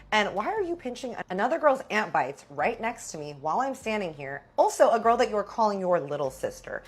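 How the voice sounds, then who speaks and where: A woman telling a story in a casual, animated way, acting out what other people said. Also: medium pitch, a little fast, slightly rough. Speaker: storyteller host.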